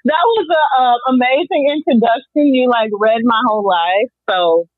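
A woman's voice: a little high, moderate pace, dry recording. Laughing thirty-something woman over a phone line. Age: 30s. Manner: lively, laughs often, loose and relaxed. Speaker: guest. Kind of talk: casual interview chat. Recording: dry, tinny phone-like line.

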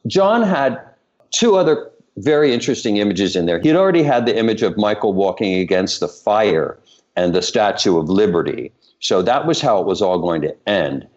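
Older male guest, deep-ish voice, very animated storyteller, dull lo-fi recording. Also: moderate pace. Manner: animated storyteller, laughs between stories. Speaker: choreographer guest. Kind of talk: anecdotal interview storytelling.

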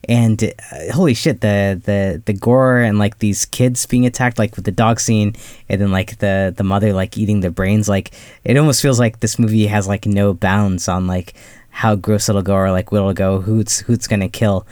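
A man's voice: lowish voice, fairly even intonation, moderate pace, a little mellow, dry recording, studio quality. A man co-hosting a casual film podcast, giving his reactions in a rambling way with lots of fillers. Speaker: podcast co-host.

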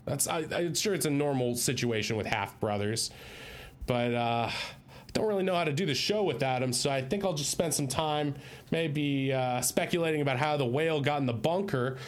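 A man's voice: medium pitch, normal speed. A man in an improvised comedy sketch, rambling in a dopey, oblivious way.

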